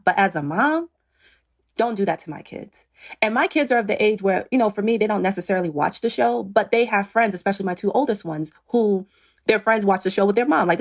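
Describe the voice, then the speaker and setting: Middle-aged woman, reality-show guest, earnest and pointed, mid-pitched voice. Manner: earnest, pointed, quotes others in lively voices. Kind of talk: emotional interview talk.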